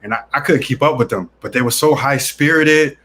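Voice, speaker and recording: A man, a guest in a casual interview, telling lively, slang-filled stories about how he started traveling. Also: mid-range voice, a little fast. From New York City.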